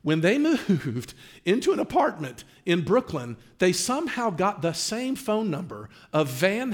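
A man preaching, telling a story in an animated way with lots of "uh" fillers. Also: high-pitched. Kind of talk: sermon storytelling.

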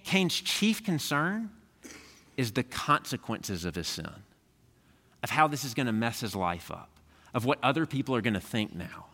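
A male pastor preaches in a loose, conversational way, with frequent checks to see if his listeners follow. His voice is bright and forceful. It rings out with a long reverb, like a church sanctuary. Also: mid-range voice. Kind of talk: sermon. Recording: echoey hall with long reverb.

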